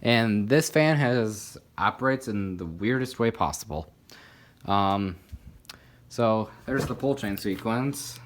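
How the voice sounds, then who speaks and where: A man's voice: on the low side, expressive, takes it slowly. A man casually narrating a hobby video about a ceiling fan, rambling with lots of fillers and self-deprecating asides. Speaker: ceiling fan collector showing a fan.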